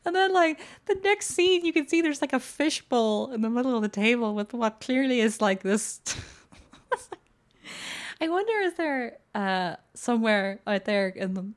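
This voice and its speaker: A woman's voice: fairly high pitch, moderate pace. A woman co-hosting a casual film podcast, talking with lots of fillers and frequent laughter. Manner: animated, laughs often, many fillers. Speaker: podcast co-host.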